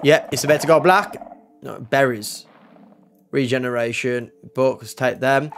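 A man's voice: mid-range voice, unhurried, gravelly, fairly bright tone, slight background noise. A young man giving live gameplay commentary, swearing, yelping and screaming in panic, and talking to his chat. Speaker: gaming YouTuber.

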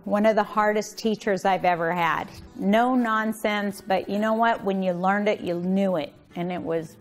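Heartfelt woman minister at a service. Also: medium pitch. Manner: emotional, heartfelt and affirming. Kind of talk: sermon at a Mother's Day service.

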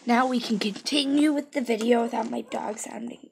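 A woman's voice: on the high side, normal speed, gravelly, a little hiss or hum. A woman chatting casually from her bedroom as she shows off her toy collection, bubbly and rambling, with whispered asides. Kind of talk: casual chat.

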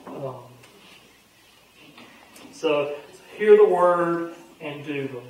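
A man's voice: fairly high pitch, expressive, extremely slow, a little mellow, distant mic. A man, a pastor teaching a Bible study in a folksy, earnest, conversational way with frequent fillers. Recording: very echoey room, voice off-mic with faint hum.

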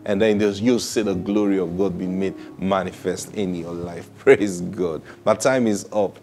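A man preaching a sermon in an animated way, acting out quoted people and repeating words. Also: low voice, a little slow, faint music behind.

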